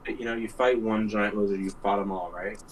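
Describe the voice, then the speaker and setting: A man's voice: lowish voice, fairly even intonation, brisk, slight background noise, poor audio. A man playing a tabletop role-playing game, making dry, wry remarks. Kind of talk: casual game talk.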